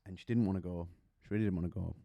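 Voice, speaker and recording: A man's voice: deep voice, steady tone, racing, creaky, no echo, dull audio. A man teaching singing technique, chatty and explaining with demonstrations and little stories. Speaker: vocal coach. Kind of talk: singing lesson to camera.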